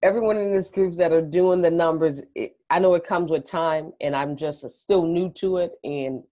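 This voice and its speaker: A woman's voice: lowish voice, moderate pace, dark tone. A woman on a coaching call, earnest and agreeable, often answering in short replies. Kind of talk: casual chat on a call.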